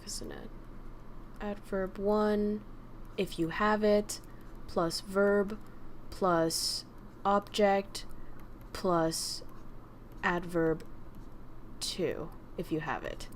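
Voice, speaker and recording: A woman's voice: medium pitch, a little hiss or hum. A young woman from Vietnam, chatting casually and teasing her viewers while teaching her language on a livestream, swearing freely.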